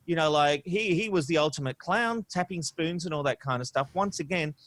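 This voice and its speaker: A man co-hosting a podcast, talking in an opinionated, animated way with frequent "you know" and "um". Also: on the high side, brisk, no room sound. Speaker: podcast co-host. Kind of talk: casual podcast discussion. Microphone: studio microphone.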